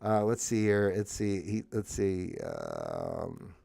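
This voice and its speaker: A man's voice: on the low side, wildly swooping pitch, slow pace, creaky, dark tone. A man hosting a casual solo livestream, rambling and sarcastic and laughing at his own jokes. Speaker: livestream host.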